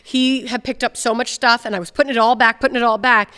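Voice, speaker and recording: A woman's voice: fairly high pitch, steady tone, quick pace, bright, forceful tone, long reverb tail. A woman co-hosting a TV advice show, chatting and telling stories with animation. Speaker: co-host. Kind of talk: casual chat.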